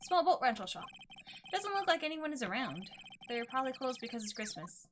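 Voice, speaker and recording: A woman's voice: high voice, big pitch swings, a little fast, background noise. A woman voicing an earnest, polite young male defense lawyer in a plain read-out voice while playing a story game.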